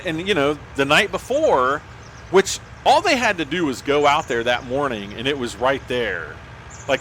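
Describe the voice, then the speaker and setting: Bright-voiced man telling a rambling story. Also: medium pitch, a little hiss or hum. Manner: rambling, full of "like" and restarts. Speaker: livestream gamer telling a story. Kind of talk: casual storytelling on a livestream.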